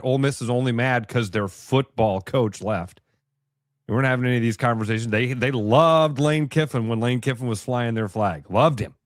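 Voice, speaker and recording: A man's voice: mid-range voice, dry recording, clean studio sound. A man co-hosting a sports talk radio show, pushing back in a blunt, sarcastic and profane way.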